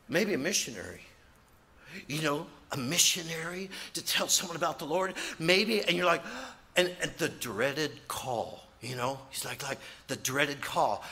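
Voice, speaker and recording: A man preaching as an evangelist, animated, acting out quotes in his sermon. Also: on the high side, unhurried.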